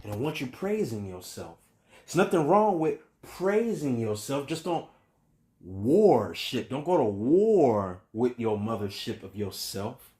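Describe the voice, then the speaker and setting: A man's voice: mid-range voice, very animated, a little slow. Emphatic man preaching in repeated refrains. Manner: emphatic, rhythmic repetition, swings from loud to hushed. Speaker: spiritual teacher. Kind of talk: preaching monologue.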